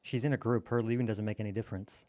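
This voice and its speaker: A man's voice: fairly low pitch, steady tone, very fast, dark tone, no echo. A man chatting casually while gaming, telling a silly campfire story in a playful, teasing way.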